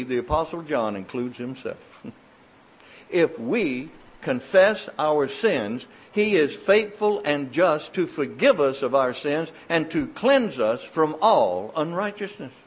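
An older man preaching a sermon, telling folksy stories in an animated, emphatic way. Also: fairly high pitch.

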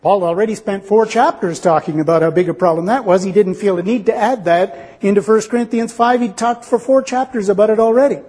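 A man's voice: high voice, a little fast, hardly any pauses, a little mellow, husky, long reverb tail. A man preaching a sermon in an earnest, reasoning way, acting out little dialogues to make his point.

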